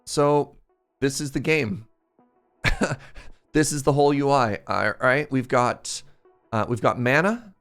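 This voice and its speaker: A man live-streaming a game, telling a story in a chatty, animated way and laughing at himself. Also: mid-range voice, slow, pauses often, clean tone. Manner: animated storytelling, self-mocking, laughs often. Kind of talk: casual live-stream chat. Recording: faint game music behind.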